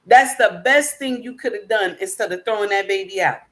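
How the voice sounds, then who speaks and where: Her medium-pitched voice is fairly quick with a fairly bright tone. She's a woman hosting a casual livestream who reads out what's in the chat, lectures with emphasis, repeats her points, and calls listeners baby and my dear.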